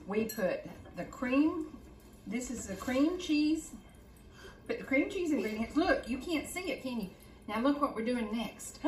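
An older woman hosts a casual cooking demo, coaxing her grandchild in a sing-song, baby-talk manner. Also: sits high. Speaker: host. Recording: echoey kitchen, faint noise.

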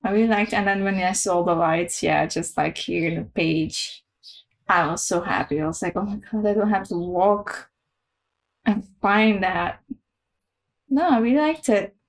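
A young woman with a Romanian background, commenting casually on a game she plays, swearing and excitable, full of fillers. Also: mid-range voice, a little slow, poor audio. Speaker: game streamer.

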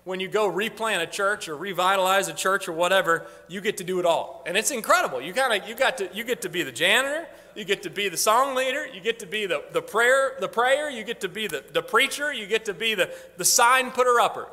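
Bright, high-voiced pastor in a reverberant sanctuary. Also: male voice, animated, fast talker, few pauses. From northern United States. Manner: casual, rambling, frequent restarts. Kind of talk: informal church talk on ministry updates. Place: church sanctuary. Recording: long reverb in a church hall.

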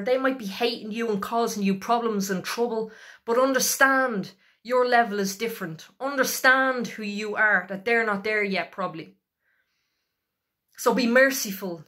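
A woman preaching a sermon, fervent and emphatic, with a repetitive cadence and slow, stressed scripture reading. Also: on the high side, a bit bright. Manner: fervent, emphatic, declaring with rising intensity.

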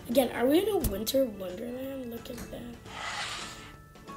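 A woman giving casual, excitable commentary while she plays a game, full of chatty exclamations. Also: fairly high pitch, unhurried, long pauses, faint music behind. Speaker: gaming streamer.

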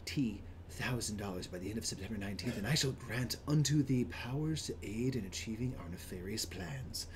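Ancient evil necromancer, hushed and solemn, put on by a man reading aloud. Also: fairly low pitch, expressive, a little fast, slight background noise, voice pushed down, close to an everyday voice. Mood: ominous. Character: ancient sinister necromancer addressing followers.

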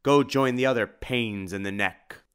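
A man's voice: medium pitch, measured pace, clear, resonant tone, voice pushed up, close to an everyday voice. A man voicing a solemn, earnest hero. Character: stoic adult male hero, earnest and solemn. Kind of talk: audiobook character voice.

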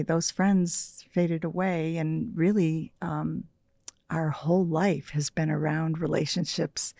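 A woman in her sixties, an interview guest, who tells personal stories in a soft, reflective way and often drops to a near-whisper. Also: deep voice, dry recording, clean studio sound. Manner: soft-spoken, often trails into quiet near-whispers, laughs lightly. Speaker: interview guest, meditation practitioner.

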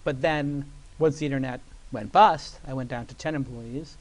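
A man in his forties on a conference stage, telling an animated story and acting out other people's voices. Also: medium pitch, moderate pace. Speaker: guest entrepreneur. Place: conference stage before an audience.

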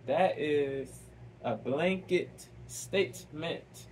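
A man hosting a reaction video, talking slowly in casual commentary, asking "why" over and over and dropping fancy words into slang. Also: on the high side, slight background noise, low-quality recording. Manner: slow, repetitive, keeps asking why, drops fancy words.

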